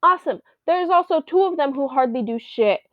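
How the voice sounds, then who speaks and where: A high-voiced young woman talks in a loose, rambling way, her voice a little hoarse. The sound is thin and phone-like, with no room echo at all. It feels like a casual video update recorded at home. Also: animated, a little fast. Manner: rambly, chatty. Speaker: vlogger. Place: bedroom at home. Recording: tinny, phone-like, dry sound.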